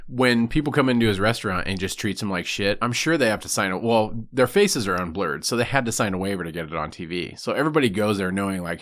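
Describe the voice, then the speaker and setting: A man's voice: lowish voice, animated, quick pace, few pauses, fairly bright tone. A man guesting on a podcast in casual chat, easygoing and agreeable, often checking in with "you know what I mean".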